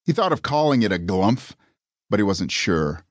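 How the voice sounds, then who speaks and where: A man's voice: lowish voice, big pitch swings, normal speed, no echo. A man narrating a comic audiobook with a dry, wry delivery.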